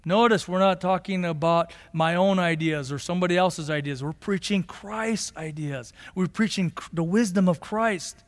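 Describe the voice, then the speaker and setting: Male pastor, high-pitched voice, passionate sermon delivery, long church reverb. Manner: impassioned preaching, rising to shouts then dropping low and slow. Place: church sanctuary. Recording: long hall reverb of a sanctuary.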